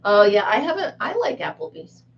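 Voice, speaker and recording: A woman's voice: mid-range voice, very animated, brisk, vocal fry, highs cut off, slight background noise. A woman hosting a casual live chat with viewers from a room at home, giggly and self-mocking as she talks. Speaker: live-stream host.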